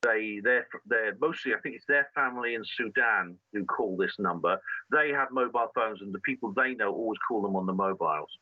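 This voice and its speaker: A man's voice: lowish voice, no room sound, phone-quality sound. A man talking as a guest on an interview show, telling his story earnestly and often restarting his sentences. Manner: earnest, halting with frequent restarts. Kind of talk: conversational storytelling.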